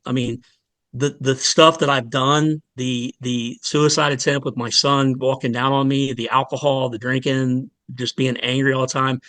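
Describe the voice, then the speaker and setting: Fire lieutenant guest, forties, male, mid voice: earnest, halting delivery, recorded dry and close. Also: medium pitch, fairly even intonation, sharp tone, no echo. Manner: earnest, halting, with many restarts and fillers. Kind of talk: emotional personal story in a podcast interview.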